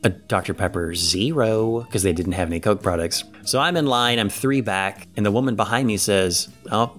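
Rambling storyteller man in his thirties, low voice. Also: moderate pace, faint music behind. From Ohio. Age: 30s. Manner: rambling storyteller, animated when quoting others. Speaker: podcast co-host. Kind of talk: casual chat.

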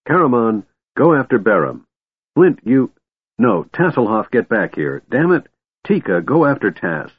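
A man's voice: medium pitch, big pitch swings, unhurried, breathy edge, no room sound, voice pushed up. A man voicing a harried, short-tempered half-elf leader who speaks in curt orders. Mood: frantic. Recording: tinny phone-like dry recording.

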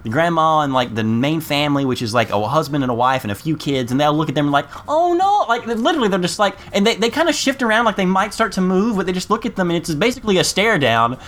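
A young adult man telling a funny story on a casual podcast, jumping up in pitch to mimic other people. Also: fast, few pauses. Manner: animated storyteller, jumps high to mimic people. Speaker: podcast co-host.

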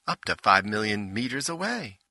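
A man reading an audiobook, voicing a calm, formal starship intelligence in measured tones. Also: fairly low pitch, creaky, dry recording, exaggerated voice.

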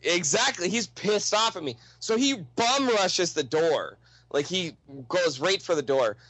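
A man's voice: sits high, animated, a little slow, a bit bright, no room sound, poor audio. A young man telling a wild story in casual, profane speech, laughing often and acting out the people in it.

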